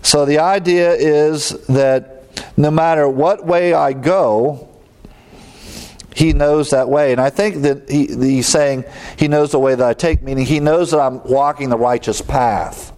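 A man's voice: a little high, a little slow, darkish tone. A man preaching a Bible teaching sermon, explaining scripture in a conversational way with fillers and asides.

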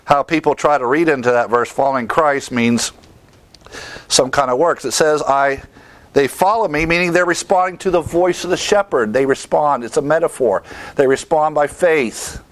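A man's voice: on the high side, normal speed, no echo. A man giving expository Bible teaching in a conversational way, repeating key words for emphasis and rattling off lists of verse references.

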